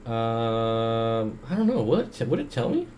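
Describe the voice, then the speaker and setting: A man's voice: medium pitch, sing-song, slow pace, darkish tone, a little hiss or hum. A man hosting a casual livestream Q&A from home, rambling with many fillers as he reads and answers chat at his computer through a desk microphone.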